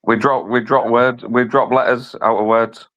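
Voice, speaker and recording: A man with a Yorkshire accent, explaining things in a laid-back, halting way during a casual chat. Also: medium pitch, steady tone, fairly bright tone, lo-fi sound. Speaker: live chat participant.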